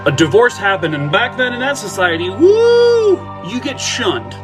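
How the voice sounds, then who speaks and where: A man with a high-pitched voice tells haunted house stories in a loose, chatty way, turning to his viewers with questions. He keeps tossing in irreverent, swearing jokes as he goes. Soft music plays faintly underneath. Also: expressive, moderate pace. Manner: jokey, irreverent asides with swearing; asks the audience questions. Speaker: haunted-place storyteller. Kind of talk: casual storytelling to viewers.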